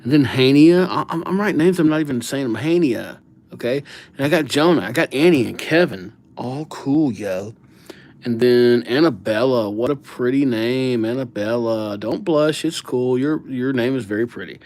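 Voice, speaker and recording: Man, livestream host, casual chat, playful, slangy banter, medium pitch. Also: moderate pace, darkish tone. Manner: playful, riffs on names with silly nicknames; laid-back, slangy banter with viewers. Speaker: livestream host writing viewers' names.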